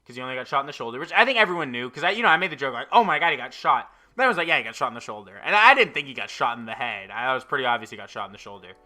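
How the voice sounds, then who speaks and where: A man's voice: mid-range voice, expressive, racing, few pauses, sharp tone, faint music behind. A young man casually reviewing manga chapters, swearing a lot and talking with frequent fillers and an exasperated edge. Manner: profane, exasperated, lots of fillers.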